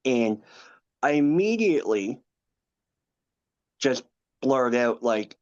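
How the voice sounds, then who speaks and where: A man in his thirties, a podcast guest, recounting a personal story in an earnest, halting way with many asides. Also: mid-range voice, muffled recording. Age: 30s.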